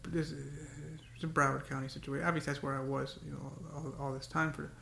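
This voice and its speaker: A man's voice: a little high, flat delivery, fairly quick, vocal fry, bright, forceful tone, reverberant, slight background noise. A man talking to the camera in a casual, rambling monologue, often repeating words and breaking into cursing rants. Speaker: vlogger.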